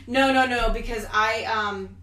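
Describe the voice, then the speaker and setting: A woman's voice: on the high side, fairly even intonation, measured pace, roomy sound, distant mic, crowd noise. A woman co-hosting a podcast, animatedly telling a dating story and acting out the quotes in casual chat. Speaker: podcast co-host.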